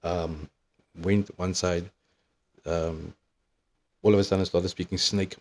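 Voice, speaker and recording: A man's voice: low voice, level tone, slow pace, a little mellow. A man in his thirties telling a meandering, profanity-laden story in a casual monologue. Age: 30s. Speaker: vlogger.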